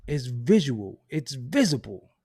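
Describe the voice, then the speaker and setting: Animated, profane man ranting. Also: mid-range voice, measured pace, slightly rough. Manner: loud, profane and animated, laughing at his own points. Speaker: host of a hip hop commentary channel. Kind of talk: unfiltered ranting monologue.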